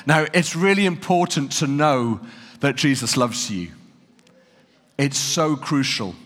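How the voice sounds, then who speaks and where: A man preaching a sermon as pastor, earnest and deliberate with pauses and fillers. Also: medium pitch, animated, fairly bright tone. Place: church hall. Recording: long reverb of a church hall.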